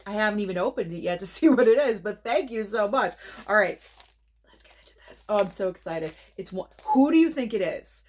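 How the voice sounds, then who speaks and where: A woman hosting her movie channel in a casual unboxing vlog. She gushes and gets excited, gasping with delight, in a voice of ordinary middle pitch. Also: brisk, hardly any pauses.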